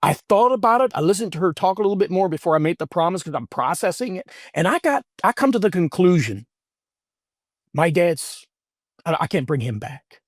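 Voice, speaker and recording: A middle-aged man, a guest on an interview show, tells a personal story in an earnest, heartfelt way, often halting and restarting his sentences. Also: high-pitched, very animated, no room sound, clean studio sound.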